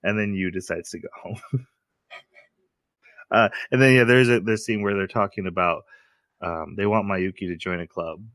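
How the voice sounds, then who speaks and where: A man co-hosting a podcast, retelling anime scenes in a casual, animated way and often laughing as he goes. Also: sits low, moderate pace, pauses often, no echo. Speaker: podcast co-host. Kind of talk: casual chat recapping an anime episode.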